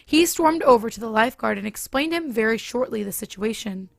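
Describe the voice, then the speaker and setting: A woman narrating a scripted horror story in a steady reading manner. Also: on the high side, brisk, gravelly, dry recording.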